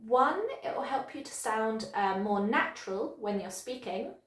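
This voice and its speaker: Female online English teacher, clear demonstrative delivery, slightly high pitch, roomy sound. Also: animated, a little slow. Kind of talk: online pronunciation lesson.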